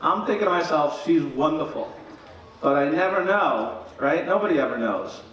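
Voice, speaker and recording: A man's voice: fairly high pitch, normal speed. A middle-aged man giving a father-of-the-groom wedding speech, telling funny stories and acting out the voices of the people in them. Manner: humorous, animated, acts out quoted voices. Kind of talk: storytelling wedding toast. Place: wedding reception hall. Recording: very echoey hall, distant mic, faint noise.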